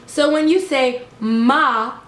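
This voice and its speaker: A young woman, a preschool teacher, giving an upbeat lesson to parents in a slow, carefully over-enunciated way. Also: sits high, expressive, a bit bright, reverberant. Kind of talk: instructional talk to camera.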